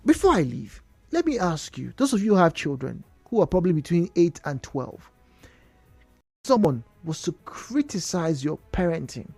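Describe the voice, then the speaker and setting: Nigerian woman, radio talk host, expressive storyteller, dry studio sound with faint music under. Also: fairly low pitch, moderate pace, husky, dry recording. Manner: animated storyteller, emphatic repetitions. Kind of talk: radio call-in talk show. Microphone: studio microphone.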